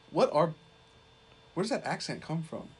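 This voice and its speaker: A man's voice: on the high side, animated, normal speed, breathy edge. A young man co-hosting a podcast in casual chat, laid-back and laughing a lot, often stumbling over his words. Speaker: podcast co-host.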